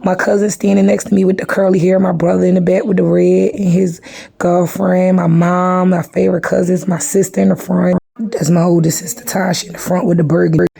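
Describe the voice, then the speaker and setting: Woman, 30s, casual vlog host, hoarse and tired, low husky gravelly voice. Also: flat delivery, a little fast, warm tone. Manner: chatty, addresses viewers as y'all. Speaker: vlogger. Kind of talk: casual vlog chat to viewers.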